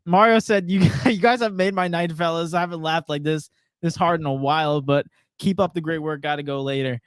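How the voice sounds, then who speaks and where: A man's voice: a little high, fairly even intonation, fairly quick, smooth, dry recording. A young man co-hosting a casual sports podcast, laughing a lot and reading viewer comments aloud. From Portuguese family. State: frog in his throat. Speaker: podcast co-host.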